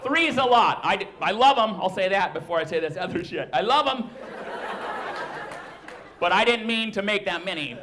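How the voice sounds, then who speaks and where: High-voiced man doing stand-up in a club. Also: animated, normal speed, long pauses, a crowd in the background. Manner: conversational, bursts into loud shrieking impressions of his kids. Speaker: stand-up comedian. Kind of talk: stand-up comedy set. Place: comedy club stage. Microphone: handheld stage mic. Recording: live club recording with audience laughter and noise. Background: audience laughing.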